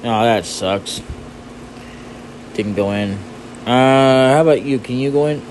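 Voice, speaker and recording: Slow, goofy rambling man. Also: medium pitch, a little mellow, slight background noise. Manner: goofy, rambling, hums nonsense tunes. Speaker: gaming channel host. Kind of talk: casual gameplay commentary.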